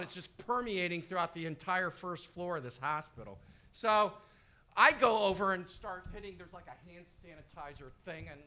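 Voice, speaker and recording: A man's voice: sits high, bright, forceful tone. A man in his fifties doing rambling, profane, self-deprecating stand-up storytelling. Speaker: comedian.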